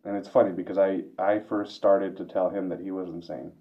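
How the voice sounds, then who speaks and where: Low-voiced guy thinking out loud, hesitant, keeps restarting, kinda muffled lo-fi sound. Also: steady tone, brisk. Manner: hesitant, self-questioning, many restarts. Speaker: vlogger. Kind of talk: reflective monologue. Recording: dull lo-fi recording.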